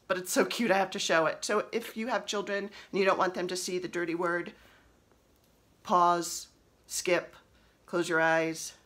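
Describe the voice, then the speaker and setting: A New woman in her fifties chats at an unhurried pace about her needlework at home. Her voice sits a little low but sounds bright and forward. She rambles and laughs easily as she goes. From New Jersey. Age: 50s. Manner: chatty, rambling, laughs often. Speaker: cross-stitch vlogger. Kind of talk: casual show-and-tell chat.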